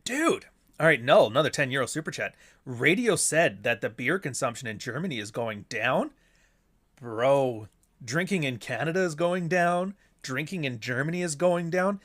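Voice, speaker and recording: A man's voice: a little high, lively intonation, normal speed, a bit bright. A man hosting a casual livestream, talking bluntly and sardonically with plenty of swearing, asking and answering his own rhetorical questions while reading chat messages.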